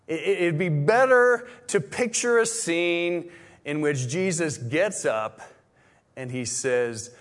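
A male pastor delivers a sermon in a fairly high voice. He talks conversationally, stumbling over restarts, then rises to loud exclamations or drops to a hushed whisper. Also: unhurried.

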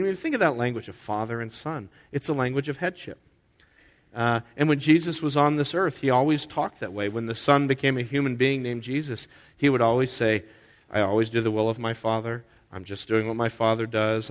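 A man preaching a sermon as head pastor during a worship service, talking conversationally and throwing in rhetorical questions and asides. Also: medium pitch. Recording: long reverb of a large hall.

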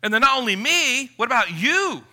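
A man's voice: very high voice, big pitch swings, normal speed, pushed and bright, voice pushed up, heavily acted. A preacher acting out a young woman who urgently pleads with her brother to stop. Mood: pleading.

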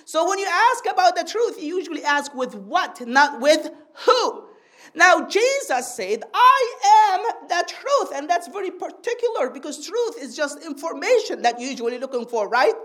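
High-voiced woman preaching a sermon. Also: sing-song, fairly bright tone. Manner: teaching tone, keeps asking the crowd for "amen"; draws out key phrases slowly for emphasis.

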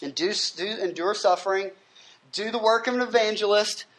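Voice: mid-range voice, normal speed, a bit bright. A pastor preaching a sermon at a gathering on a university campus, reading scripture aloud and explaining it, with frequent "right?" checks.

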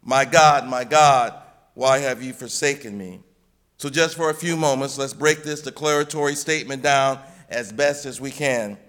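A man delivers a Good Friday sermon in a measured, emphatic manner. His voice sits at a middle pitch. He lifts it when he repeats the cries from the cross. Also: fairly bright tone. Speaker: preacher.

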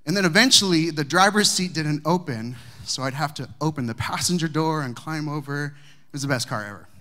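A man preaching, a pastor telling a personal story to his congregation with humor and warmth of delivery. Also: a little high, a little fast. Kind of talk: sermon storytelling. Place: church sanctuary with congregation.

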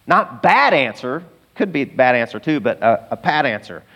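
Preaching with animation and a conversational feel, a middle-aged pastor throws in asides to his listeners in the pews. His voice sits high.

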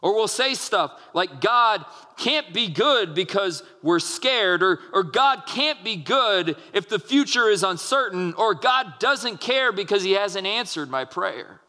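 Guy pastor preaching, high bright voice, slow and earnest, big echoey hall. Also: animated. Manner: earnest, with frequent restarts and quoted dialogue. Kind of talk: sermon. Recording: long hall reverb.

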